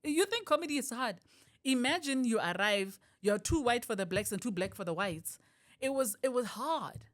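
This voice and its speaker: A middle-aged South African woman with a South African accent, a comedian talking as a podcast guest, animated and quick to laugh. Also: on the high side. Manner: animated, laughs often, switches voices for quotes. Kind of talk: podcast interview.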